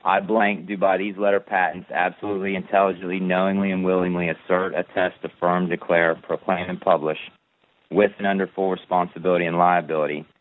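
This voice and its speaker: A man reading a long formal declaration aloud in a measured, deliberate recitation, then answering a caller's questions. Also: low-pitched, flat delivery. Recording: tinny phone-line radio audio.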